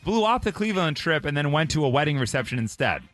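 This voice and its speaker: Male morning radio host, slightly high voice, lively and jokey, faint music behind. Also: quick pace. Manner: lively, jokey, animated storytelling. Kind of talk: morning radio show chat.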